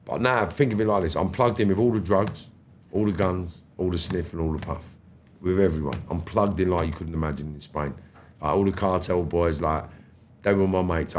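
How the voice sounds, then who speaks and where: Low-voiced middle-aged man, animated storyteller, salty language, podcast guest. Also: slight background noise. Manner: animated, swears freely, acts out quoted dialogue. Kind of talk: storytelling interview chat.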